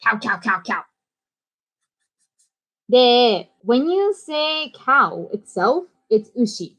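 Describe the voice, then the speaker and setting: A woman's voice: fairly high pitch, very animated, slow pace, fairly bright tone. A young woman hosting a casual livestream, chatty and bubbly, switching between Japanese and English. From United States. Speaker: livestream host.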